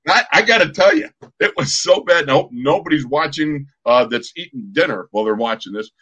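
A man's voice: a little high, fairly quick, husky, lo-fi sound. A man in his sixties, a former football player co-hosting a podcast, telling a story with energy and acting out sounds and voices. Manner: lively, acts out sounds and quotes. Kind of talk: animated storytelling.

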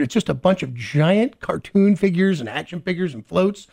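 A man hosts the chat in an earnest tone and keeps stammering through restarts. His voice is raspy and gravelly, and his pitch moves a lot. He grew up in the American Midwest. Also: animated, fairly quick, few pauses, a little mellow. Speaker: host. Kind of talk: casual chat.

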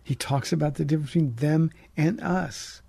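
Gravelly, husky man pastor. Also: fairly high pitch, moderate pace, dark tone. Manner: earnest, emphatic preaching with frequent restarts. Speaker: pastor answering listener questions. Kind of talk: radio call-in Bible teaching.

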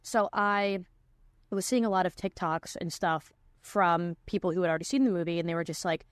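A woman's voice: fairly low pitch, a little fast, smooth, no echo. Chatty young woman, dry close sound. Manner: chatty, many likes and restarts, laughs often. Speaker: podcast host. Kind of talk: casual chat.

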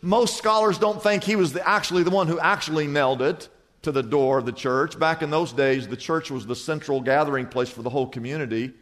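A man preaching a sermon to a congregation as pastor, telling a joke with lively acted-out voices. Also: a little high, brisk. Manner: animated storytelling, acts out characters in a joke. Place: church hall before a congregation. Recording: long reverb of a church hall.

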